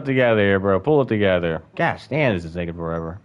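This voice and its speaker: A man's voice: lowish voice, fast, hardly any pauses. A young man streaming a space game, rambling and swearing casually, bursting into yelps and laughs. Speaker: gaming streamer. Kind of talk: casual gameplay commentary.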